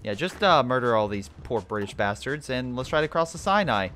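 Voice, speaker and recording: A man's voice: medium pitch, brisk. A young man giving casual, sarcastic let's-play commentary on a strategy game, talking to the game as he plays. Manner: excitable, sarcastic, talks to the game. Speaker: gameplay commentator.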